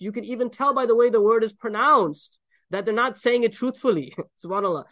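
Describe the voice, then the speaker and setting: A man preaching a sermon, explaining Quran verses with Arabic recitation, animated and joking as he acts out the people in the story. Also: very high voice, fairly quick. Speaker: Islamic preacher.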